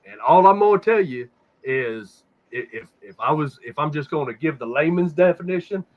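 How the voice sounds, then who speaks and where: A man's voice: a little high, animated, moderate pace. Profane, rambling man on a lo-fi podcast. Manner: profane, rambling, repeats words when stuck. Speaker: podcast host. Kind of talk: casual conspiracy talk. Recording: dull lo-fi sound.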